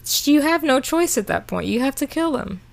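Woman chatting through a movie recap, lots of "like", gravelly vocal fry. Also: high voice, lively intonation, a little fast. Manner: chatty, heavy use of "like", leads the recap. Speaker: podcast co-host. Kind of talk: casual movie recap chat.

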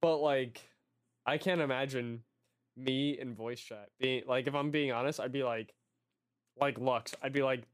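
A man's voice: mid-range voice, fairly even intonation, moderate pace, smooth. A young man co-hosting a casual gaming podcast, candid and self-mocking, swearing a lot. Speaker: podcast co-host.

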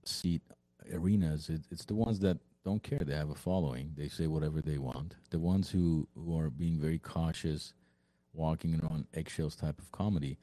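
A man's voice: very deep voice, fairly even intonation, normal speed, mellow, no echo. A man co-hosting a podcast who tells anecdotes casually and laughs often. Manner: laughs often while talking. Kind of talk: casual chat.

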